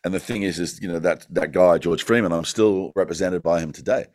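A man's voice: low voice, a little fast, darkish tone, dry recording, studio quality. A middle-aged man with an Australian accent, a guest in a casual interview, rambling through his stories with lots of "you know" and laughs along the way. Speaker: actor guest.

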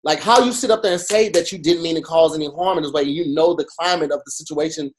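A man co-hosting a podcast, talking in an animated, emphatic way full of fillers. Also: on the high side, quick pace, slight background noise. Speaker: podcast co-host. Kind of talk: casual chat.

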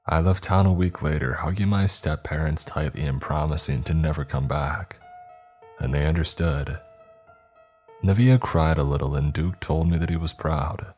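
Male horror story narrator, extremely deep voice, steady measured reading, faint background music.

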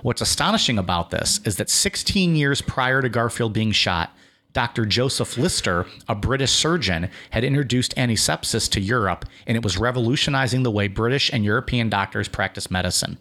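A podcast host with a medium-pitched, bright, forceful voice reads from a history outline, talking fairly quickly with lively intonation. He keeps drifting off his notes into loose, casual asides packed with "like."

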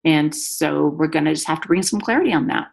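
A woman's voice: sits low, vocal fry. A woman guest, an author and speaker, talking animatedly and emphatically about faith in a podcast conversation. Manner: animated and emphatic, quick asides with laughter.

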